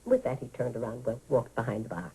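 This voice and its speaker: An elderly woman telling children an old family story. Her voice is low, dark and husky. She lingers on the story with sighs and feeling. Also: fast talker, heavily acted, low-quality recording. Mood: warm reminiscing. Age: older. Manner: fond, vivid storytelling with sighs. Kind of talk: 1980s radio drama.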